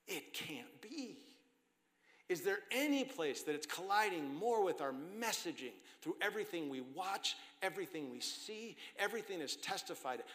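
A middle-aged man preaching a sermon with passion, swinging from loud emphasis down to hushed, whispered lines. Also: a little high. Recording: long hall reverb with faint music.

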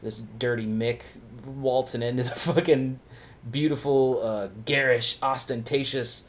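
A man's voice: medium pitch, steady tone, measured pace. A man co-hosting a podcast, recapping a TV show in rambling, profane casual chat. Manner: crude, rambling, swears constantly. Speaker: podcast co-host.

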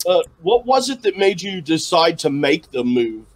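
A man's voice: a little high, sing-song, moderate pace. A man hosting an interview, asking short questions to prompt his guest. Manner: brief, friendly prompting questions. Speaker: interviewer host.

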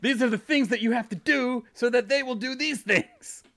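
A man co-hosting a podcast, throwing in teasing questions and quick jokes in casual chat. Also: very high-pitched, fairly bright tone. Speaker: podcast co-host.

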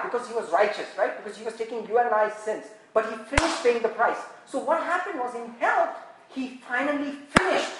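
A man preaching a sermon, animated and full of rhetorical questions. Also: extremely high pitch, reverberant, rough recording. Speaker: pastor.

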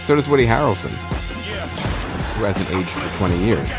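Podcast host guy, lowish voice, laid back, ums a lot, music playing under him. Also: expressive, moderate pace. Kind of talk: casual chat introducing trailers.

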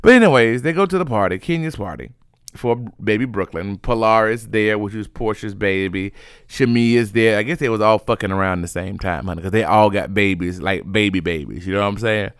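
A man giving a sassy, chatty recap of reality TV gossip, animated and full of fillers, yawning now and then. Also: lowish voice, brisk, smooth, dry recording, studio quality. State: sleepy, yawning.

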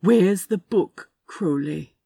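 A woman voicing a prim, formal gentleman who speaks in polite, clipped, insistent phrases. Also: lowish voice, expressive, slow, creaky, slightly rough, dry recording, clean studio sound, heavily acted.

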